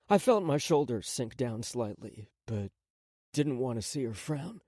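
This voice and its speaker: A man narrating a romance audiobook in a slow, dramatic first-person telling. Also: medium pitch, very animated, dark tone, slightly rough, no room sound, studio quality.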